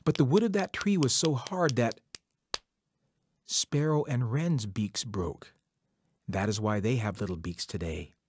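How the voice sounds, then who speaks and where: A man telling a traditional folk tale in a rhythmic, repetitive, measured way. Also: mid-range voice, darkish tone, a little hiss or hum. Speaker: storyteller. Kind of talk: oral folk-tale storytelling.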